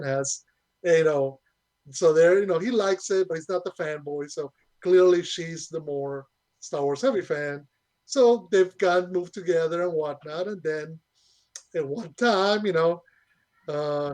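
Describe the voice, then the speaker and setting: A man's voice: on the high side, measured pace, darkish tone, no echo. A man co-hosting a podcast, chattily retelling a story he read online. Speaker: podcast co-host. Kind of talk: casual chat, reading a post aloud.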